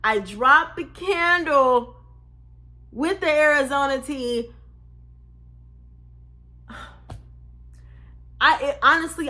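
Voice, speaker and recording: A young woman vlogger telling a storytime casually, swearing freely and acting out other people's lines in a raised voice. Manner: animated, swearing, acts out quotes in raised pitch.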